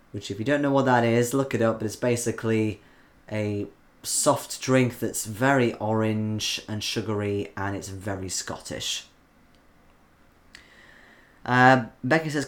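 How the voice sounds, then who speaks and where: Man, live-stream host, from the Isle of Man, casual chat, rambling, lots of ums, reads out chat comments. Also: fairly low pitch. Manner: rambling and chatty, with frequent ums. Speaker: livestream host reading chat.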